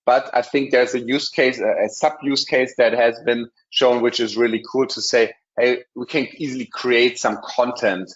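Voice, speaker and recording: A man with a German accent giving a live software demo in a webinar, talking casually with many ums and restarts. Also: mid-range voice, steady tone, normal speed, hardly any pauses, dull audio. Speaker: webinar presenter.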